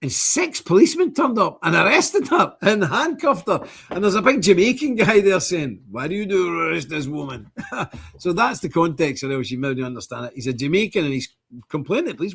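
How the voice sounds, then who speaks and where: A man's voice: on the high side, very animated, brisk, creaky, a bit bright, slightly rough. An older man hosting a livestream, talking casually and ranting indignantly in bursts. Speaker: streamer host.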